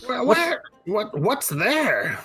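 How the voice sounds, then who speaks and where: A man playing a tabletop role-playing game in a casual, lively way. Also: very high-pitched, very slow, soft background music. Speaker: player.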